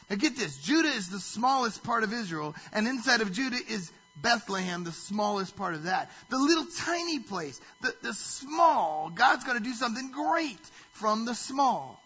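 A man's voice: sits high, very animated, moderate pace, few pauses, sharp tone, slightly rough, dull audio. A man preaching a sermon as pastor, reading scripture aloud and stopping to put rhetorical questions to the listeners.

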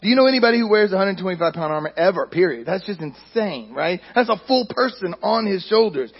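A man's voice: sits high, animated, fast, husky, dull audio. A man preaching a sermon in a conversational way, putting questions to his congregation. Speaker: pastor.

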